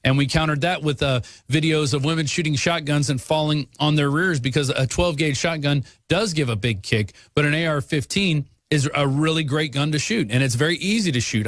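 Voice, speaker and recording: A man hosting a political talk radio show, arguing his points with quick asides and frequent fillers. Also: medium pitch, no echo, clean studio sound.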